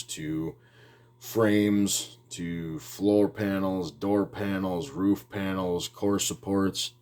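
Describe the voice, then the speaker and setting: A man talking casually about his hobby in his home workshop, rambling and plain-spoken with frequent restarts. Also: sits low. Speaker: hobby video host. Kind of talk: casual how-to talk.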